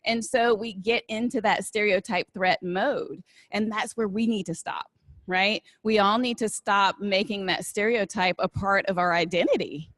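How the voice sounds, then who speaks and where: A woman's voice: medium pitch, steady tone, moderate pace, fairly bright tone, no echo. Woman speaker with a Southern accent. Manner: conversational, asks "right?" often. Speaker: diversity and inclusion speaker. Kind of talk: live talk with audience Q&A.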